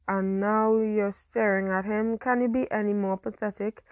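A woman's voice: medium pitch, steady tone, moderate pace, dry recording, phone-quality sound, lightly acted. A woman voicing a snide, mocking teenage mean girl in a story read aloud.

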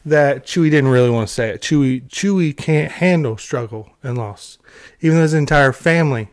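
A man ranting in a sarcastic, exasperated commentary, with halting restarts and repeated words. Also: mid-range voice. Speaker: film commentary vlogger.

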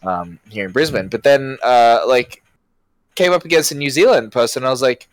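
Man, casual chat, lively up-and-down pitch, dry close sound, lots of fillers and restarts. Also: brisk, clear, resonant tone, no echo. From Australia. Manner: animated, many fillers and restarts.

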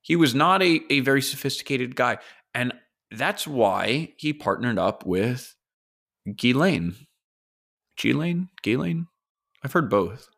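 Casual, swearing podcast host. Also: male voice, medium pitch, unhurried, a bit bright. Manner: speculative, profane, storytelling. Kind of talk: casual solo podcast commentary.

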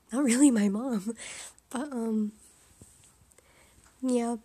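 A young woman telling a rambling personal story in a quiet, hushed way, full of fillers. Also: a little high, drawn-out words, husky. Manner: chatty, rambling, many fillers. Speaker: vlogger. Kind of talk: casual storytime chat.

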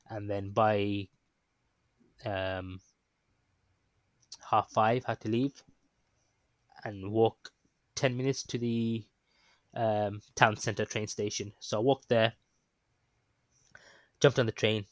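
A guest recounts his experience in a casual, rambling story full of ums, hesitations and restarts. His voice sits on the low side, and there's no echo.

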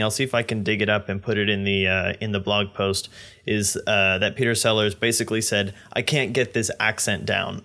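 A young man from Texas co-hosting a film podcast, telling anecdotes in a relaxed, chatty way. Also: on the low side. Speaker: podcast co-host. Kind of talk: casual film discussion.

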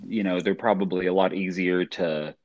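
A man's voice: deep voice, steady tone, normal speed, dull audio. A man co-hosting a casual true-crime podcast, thinking aloud and hesitating. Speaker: podcast co-host.

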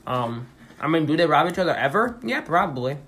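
Goofy podcast host, bright and rambling, casual chat at home. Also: mid-range voice, big pitch swings, a little fast, slightly rough. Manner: goofy, rambling, laughs and sings bits.

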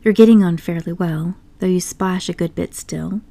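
A woman's voice: lowish voice, normal speed, vocal fry, mellow. A woman voicing a stubborn, dry-mannered male water rat in an audiobook story. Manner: dry, dogged.

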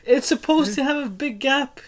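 A man co-hosting a podcast in casual chat, firing back dry, deadpan comebacks. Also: very high voice, normal speed. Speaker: podcast co-host.

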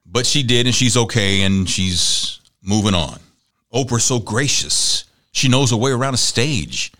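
A man's voice: medium pitch, expressive, unhurried, pushed and bright. A man hosting a talk show, casually running through news and celebrity gossip with wry asides and laughs at his own jokes.

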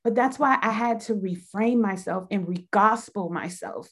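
A woman's voice: mid-range voice, moderate pace, a bit bright, slightly rough. A woman talking about faith in a podcast conversation, emphatic and preacherly, repeating phrases for effect.

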